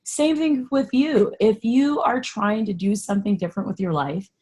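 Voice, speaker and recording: A woman's voice: mid-range voice, moderate pace. A woman hosting a solo podcast in a candid, chatty way, sarcastic about herself and passionately encouraging. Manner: animated, encouraging, gets passionate. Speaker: podcast host. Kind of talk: casual solo podcast talk.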